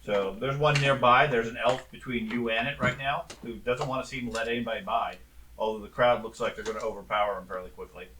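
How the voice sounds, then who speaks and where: Guy running a tabletop game, bright voice, kinda far from the mic, lots of ums. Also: medium pitch, fast talker, slight background noise. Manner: relaxed storytelling with frequent ums. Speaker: game master.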